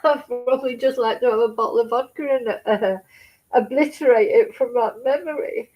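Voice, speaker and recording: A woman's voice: on the high side, moderate pace, lo-fi sound. A middle-aged woman chatting on a live stream, tearful and upset, swearing and laughing nervously between sentences. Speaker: true crime streamer. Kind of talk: casual live-stream chat.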